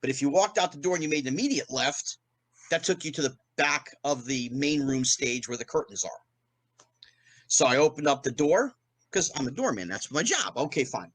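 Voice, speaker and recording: Guy in his 50s telling a wild story, fairly high voice, acts out every quote. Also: expressive, a bit bright, husky, no room sound. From New Jersey, US. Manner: fast storytelling with acted-out quotes, rising pitch on punchlines. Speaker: guest, former child actor. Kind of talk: animated anecdote telling.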